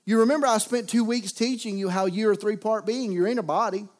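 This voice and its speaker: A middle-aged man preaching with a drawl, his voice sitting high for a man. He is folksy and joking, swinging from loud exhortation down to quiet asides. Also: steady tone, a little fast. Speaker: pastor. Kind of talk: sermon.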